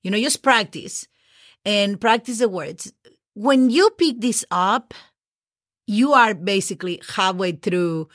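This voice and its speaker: Slow, patient Spanish-accented woman teacher. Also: mid-range voice, lively intonation, a bit bright, dry recording, studio quality. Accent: Spanish-speaking. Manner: slow, repeats and spells out words, encouraging. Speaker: Spanish teacher, podcast host. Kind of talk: casual spoken language lesson.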